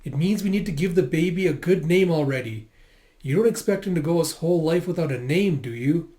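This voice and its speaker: An exasperated young wife scolds her husband in a raised, pointed voice, as a man reading a manga puts her on. The voice climbs well above its usual pitch and comes out louder and slower, as if talking down a fool. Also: animated. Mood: scolding.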